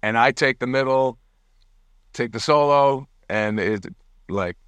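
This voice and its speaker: Guy telling a gig story, mid pitch, does the voices, dead dry mic. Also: slow, clean tone, no room sound. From United States. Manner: animated storyteller, acts out quotes, laughs often. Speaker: guest musician. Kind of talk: casual storytelling interview.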